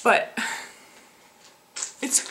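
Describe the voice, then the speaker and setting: A woman's voice: drawn-out words, fairly bright tone, slight background noise. A young woman casually vlogging, chatty and frustrated, laughing often. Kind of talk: casual pregnancy vlog.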